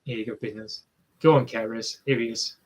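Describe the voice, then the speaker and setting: A man streaming a live marathon watch-along speaks fairly quickly, his medium-pitched voice a little mellow with fairly even intonation. He chats casually, mocks himself and roots for the runners.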